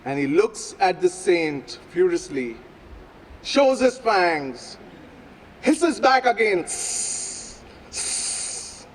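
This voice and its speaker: A man telling a folk story aloud at a live event, with slow, deliberate phrasing and dramatic pauses. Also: high-pitched, expressive, a little hiss or hum, low-quality recording. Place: outdoor public plaza.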